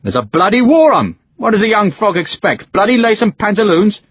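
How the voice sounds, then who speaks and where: A man voicing a battle-worn army officer who talks bluntly and swears, raising his voice over a dull, husky recording. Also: medium pitch, animated, moderate pace, no room sound. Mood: scornful.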